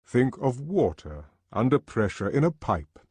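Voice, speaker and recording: Male reader as a lordly controller lecturing, slow, dry close sound. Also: mid-range voice, sing-song, mellow, breathy edge, no echo. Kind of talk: audiobook reading.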